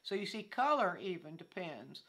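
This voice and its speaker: A woman's voice: lowish voice, sing-song, normal speed, a bit bright. Older woman art teacher thinking aloud. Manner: thinking aloud with many restarts and fillers. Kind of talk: informal art lesson. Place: outdoors among fallen leaves.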